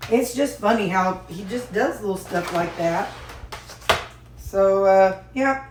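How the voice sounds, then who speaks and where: A folksy woman talks her viewers through a home recipe, calling them y'all as she goes. Her mid-pitched voice rings in an echoey kitchen, with pots and dishes clattering behind her. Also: slow, background noise. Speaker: home cooking vlogger. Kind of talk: casual cooking vlog chat.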